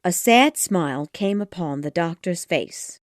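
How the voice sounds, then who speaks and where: A woman narrating an audiobook of a classic gothic tale in a steady storytelling manner. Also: fairly low pitch, a little slow, no room sound, clean studio sound.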